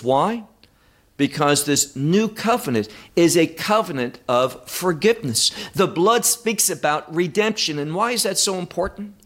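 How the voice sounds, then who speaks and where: A middle-aged man gives a verse-by-verse Bible lesson at a very unhurried pace. His voice sits a little high for a man and swings widely in pitch as he stresses words. He teaches emphatically, repeating key terms and asking questions he then answers himself. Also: a bit bright.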